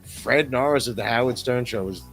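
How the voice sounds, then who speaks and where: Middle-aged male co-host, loose crude storyteller, mid-pitched voice, faint music underneath. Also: moderate pace. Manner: animated storytelling with crude profanity. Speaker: podcast co-host. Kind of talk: casual chat.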